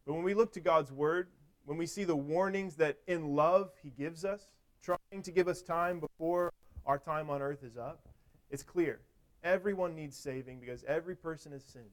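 A man with a somewhat high voice delivers a sermon in an easy, conversational way. He often restarts his sentences and leans on everyday examples to make his point. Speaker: preacher.

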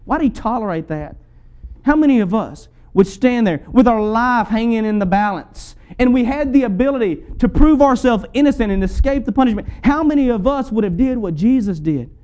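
A man's voice: very high-pitched, animated, a little fast, darkish tone. A man preaching a sermon to his congregation, building through repeated rhetorical questions. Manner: rhetorical, repeated questions with rising and falling intensity.

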